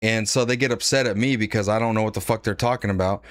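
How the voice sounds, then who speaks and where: A man's voice: lowish voice, fairly even intonation, fast talker, no echo, clean studio sound. A man giving blunt, sarcastic live-stream commentary, reading out donations and laughing at his own jokes. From United States.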